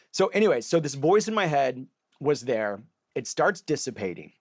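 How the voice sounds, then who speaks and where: Man, comedian guest, casual storytelling, rambling, lots of "like", mid pitch, dry close mic. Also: sing-song, normal speed, no room sound. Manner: rambling, heavy use of "like", acts out quoted voices.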